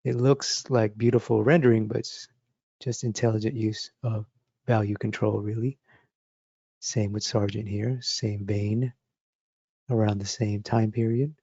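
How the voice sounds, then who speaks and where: Gravelly man teaching a drawing demo. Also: fairly low pitch, a little slow, dry recording, muffled recording. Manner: thinking aloud while sketching, relaxed and encouraging. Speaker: drawing instructor. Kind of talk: live drawing demonstration.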